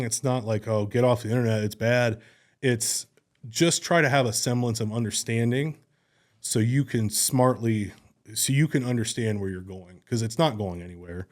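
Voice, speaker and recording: A middle-aged man speaking as a guest in a casual conversation, earnest and rambling, often restarting his sentences. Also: mid-range voice.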